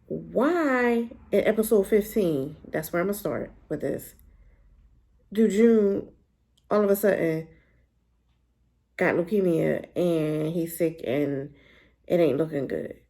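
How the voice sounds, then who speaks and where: A woman giving a casual, animated spoken review of a drama, talking in a colloquial, emphatic way. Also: slow, pauses often. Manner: animated, emphatic, colloquial with pitch jumps when worked up.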